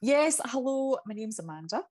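A woman's voice: fairly high pitch, expressive, normal speed, darkish tone. A woman in her forties, a podcast guest, talking in a bubbly, self-deprecating way and laughing easily over a video call. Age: 40s. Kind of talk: casual interview chat.

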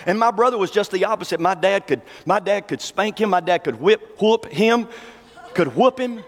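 A pastor preaching a sermon in a folksy, conversational way and slowing down to read scripture. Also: male voice, high voice, animated. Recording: long hall reverb.

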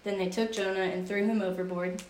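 A woman's voice: medium pitch, flat delivery, brisk, darkish tone. Chatty young woman teaching Bible story. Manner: chatty, filler-heavy storytelling with frequent "like". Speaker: youth Bible study leader. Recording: roomy echo from a distance.

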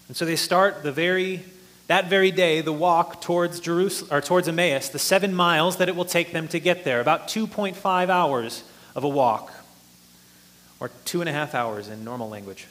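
Guy preaching a sermon, kinda high voice, earnest, pushes up when he makes a point. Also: moderate pace, a bit bright. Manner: earnest, explanatory, rises for emphasis.

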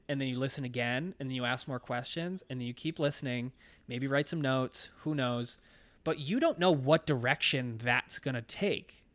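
A man's voice: medium pitch, fairly bright tone, dry recording. A man hosting a casual podcast interview, getting worked up and swearing freely as he talks. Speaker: podcast host.

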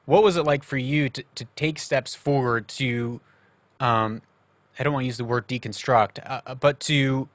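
A man's voice: mid-range voice, normal speed, no room sound. Male host, thoughtful questions, searches for words, dry close sound. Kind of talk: interview conversation.

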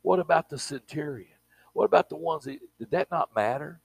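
A man's voice: on the high side, animated, fairly quick, creaky, husky, no room sound, poor audio. A man preaching a sermon with emphatic delivery, repeating words and dropping in frequent amens.

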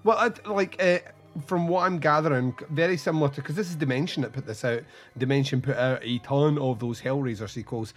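A man's voice: medium pitch, a little fast, soft background music. A man hosting a podcast, chatting in an enthusiastic, easygoing way. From Scotland. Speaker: podcast host. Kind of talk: casual chat.

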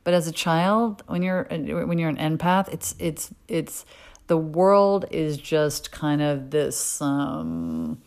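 A woman's voice: deep voice, expressive, slow pace, darkish tone. A middle-aged woman speaking frankly and casually about her own life, swearing freely, full of fillers and restarts. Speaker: podcast host. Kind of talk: candid personal monologue.

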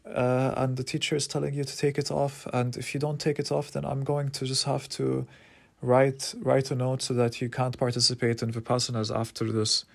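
A man's voice: medium pitch, flat delivery, moderate pace, creaky, pitched above the performer's own voice. A man mimicking a stern, bitter older woman supervisor who lectures and threatens. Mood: scolding. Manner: scolding, finger-pointing, lecturing.

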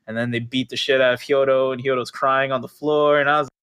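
A man's voice: mid-range voice, level tone, fast talker, a bit bright, smooth. A man chatting casually about an anime series, rambling with frequent fillers, restarts and swearing. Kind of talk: casual chat.

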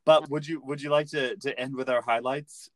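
A man's voice: mid-range voice, fairly even intonation, normal speed, dry recording. A man hosting a podcast, chatting casually with wry, playful, mock-serious humor. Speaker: podcast host. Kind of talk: casual chat recapping a TV episode.

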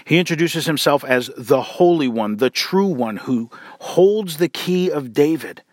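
A man hosts a laid-back Bible teaching podcast, trading jokey asides before reading scripture aloud in a steady way. His voice sits a little high for a man. The sound is dry, with no room echo. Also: measured pace. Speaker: podcast host.

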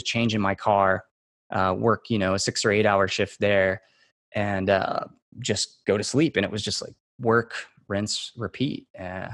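A man from Texas, a podcast guest, telling a relaxed, rambling story full of fillers and restarts. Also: lowish voice, no echo, clean studio sound. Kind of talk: casual storytelling in a podcast interview.

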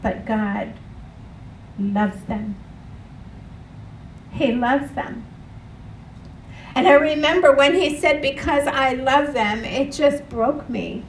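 A woman's voice: sits high, lively intonation, slow, long pauses, slight background noise. A woman preaching a sermon, earnest and leading the congregation in repeated phrases. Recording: roomy echo from a distant mic.

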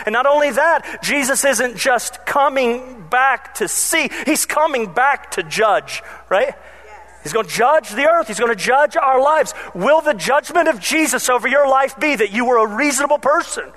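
A man preaching a sermon, telling funny stories from his childhood in an animated way. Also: extremely high pitch, normal speed. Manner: animated, humorous storyteller. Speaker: pastor. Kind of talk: sermon with personal storytelling.

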